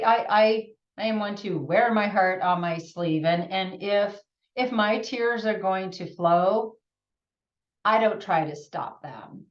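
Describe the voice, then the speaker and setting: Woman podcast host from Canada, gentle and earnest, unhurried; distant, dull lo-fi recording with room echo. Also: mid-range voice. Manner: gentle, earnest, laughs often, many restarts. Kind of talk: reflective solo talk. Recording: roomy, distant, dull lo-fi sound.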